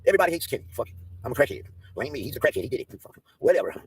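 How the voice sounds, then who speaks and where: A man's voice: medium pitch, big pitch swings, racing, slight background noise. A man hosting a livestream, ranting in a profane, confrontational way that keeps restarting and repeating itself. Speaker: livestream host. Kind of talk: heated livestream rant.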